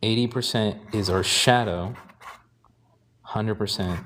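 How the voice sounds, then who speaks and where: A man teaching painting, talking calmly and thinking aloud while he works, sometimes correcting himself. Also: lowish voice, slow, slight background noise. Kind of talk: live painting demonstration.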